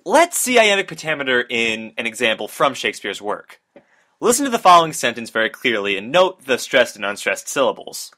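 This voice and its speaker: A man's voice: mid-range voice, big pitch swings, a little fast, sharp tone. A young man, a student, reading a prepared class presentation that explains a topic. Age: young adult. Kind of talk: read school presentation.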